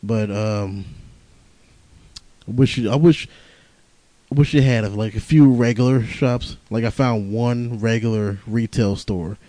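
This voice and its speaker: A man's voice: fairly low pitch, slow pace, pauses often, dark tone, no room sound, low-quality recording. A young man hosting a podcast on his own, tired and rambling, cursing often and laughing through his stories. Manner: profane, laughing, rambling storyteller. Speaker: podcast host. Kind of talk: casual rambling monologue.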